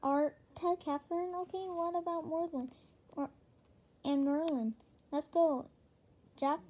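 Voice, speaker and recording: A woman voicing a bold, eager young girl in a children's storybook, slow and halting. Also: sits high, fairly even intonation, dark tone, voice pushed up. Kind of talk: reading a children's chapter book aloud.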